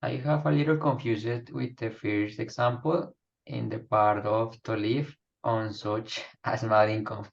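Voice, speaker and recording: A man's voice: medium pitch, steady tone, unhurried, vocal fry, dull audio. A man, a student in an online English class, reading aloud hesitantly and asking questions.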